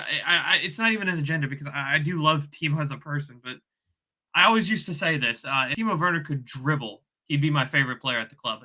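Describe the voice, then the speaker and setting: A man talks on a casual football fan podcast with a very bright, sharp voice that sits somewhat high. He talks in a measured way and restates his points several times. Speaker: podcast guest.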